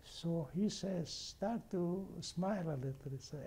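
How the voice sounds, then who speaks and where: Older man, non-native English speaker with a heavy accent, dark husky voice, halting oral-history telling. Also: a little high. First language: not English. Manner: halting, repeats himself, restarts often. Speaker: interviewee.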